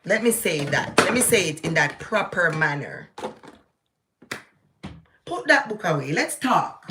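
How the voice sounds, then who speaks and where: A middle-aged Jamaican woman with a Jamaican accent, giving heated live political commentary that swings between slow, emphatic outbursts and quick asides in patois. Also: mid-range voice, reverberant, slight background noise. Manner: animated, ranting, shifting into patois. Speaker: vlogger.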